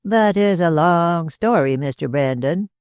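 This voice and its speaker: A man voicing a talkative older man with an American accent, speaking slowly and dryly in a drawl. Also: on the high side, lively intonation, darkish tone, clear, resonant tone, no echo. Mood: cool. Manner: drawling, slow and dry.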